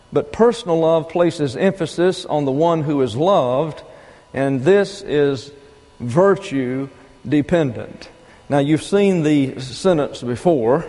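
An older man delivers a sermon in a deliberate, emphatic teaching manner. His voice sits slightly high but sounds mellow and dark. Long reverb from a large hall trails every phrase. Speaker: preacher.

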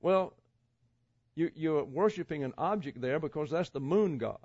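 Man preaching a sermon, slightly high voice. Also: expressive, darkish tone, no echo, dull audio. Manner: measured preaching with rhetorical questions and asides. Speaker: pastor.

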